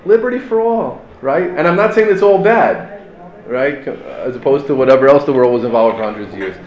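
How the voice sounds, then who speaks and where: A man's voice: medium pitch, animated, a little fast, lo-fi sound. Man, rabbi's sermon, passionate, rhetorical questions, Yiddish and Hebrew terms, echoey room. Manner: impassioned, rising to near shouts, rhetorical questions. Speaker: yeshiva rabbi giving a eulogy talk.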